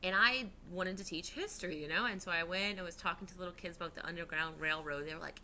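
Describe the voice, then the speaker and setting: A woman's voice: lowish voice, fast, few pauses, pushed and bright, a little hiss or hum. A woman, a teacher giving a chatty history lesson to children from home, with many fillers and restarts.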